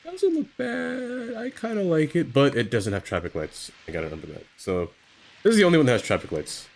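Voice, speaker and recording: A man's voice: a little high, big pitch swings, fairly quick, vocal fry. A man streaming live, chatting casually to himself as he builds in a game, rambling and trailing off into fillers.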